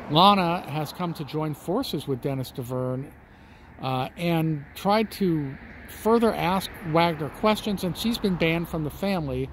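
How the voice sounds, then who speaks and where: A man's voice: a little high, slight background noise. A man hosting a true-crime vlog, talking in a chatty, folksy way to his viewers while standing outdoors on a residential street. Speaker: channel host.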